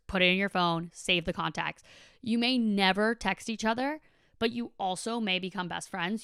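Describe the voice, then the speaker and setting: Podcast host, woman in her twenties, chatty and casual, swears freely, smooth clear tone. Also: medium pitch, dry recording, studio quality. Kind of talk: casual monologue.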